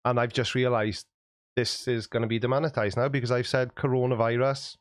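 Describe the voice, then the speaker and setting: A man's voice: mid-range voice, no echo, studio quality. A man hosting a livestream, chatting in a jokey, self-deprecating way as he reads out viewer comments. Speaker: YouTube host.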